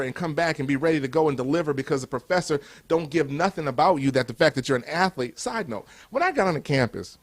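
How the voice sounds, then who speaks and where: A man in his fifties from Cleveland, giving a motivational speech with emphatic, repeated rhetorical build-ups. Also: medium pitch. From Cleveland, USA. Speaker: motivational speaker.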